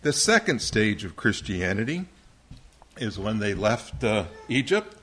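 A man's voice: fairly low pitch, sing-song, a little slow, fairly bright tone. Man teaching a Bible lesson. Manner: quizzing, patient, calls on listeners by name. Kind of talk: Bible lesson with questions to young listeners.

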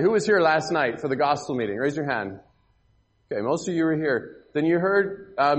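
A man teaching an interactive Bible lesson to children in a church hall, upbeat and coaxing, directing the kids with questions. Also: mid-range voice. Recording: echoey hall with long reverb.

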